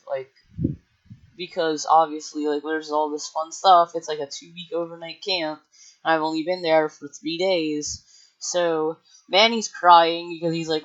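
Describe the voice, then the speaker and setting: A man's voice: fairly high pitch, steady tone, a little slow. Young man, casual storytelling vlogger, rambling delivery, muffled home-mic sound. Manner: rambling, heavy use of filler words and restarts. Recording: dull lo-fi mic.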